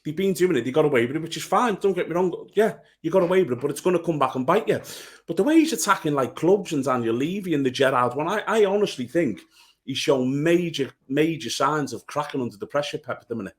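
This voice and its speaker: A man's voice: fairly high pitch, expressive, fast talker. A man co-hosting a football podcast, blunt and heated, swearing freely as he rants. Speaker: podcast co-host. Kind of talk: casual football chat.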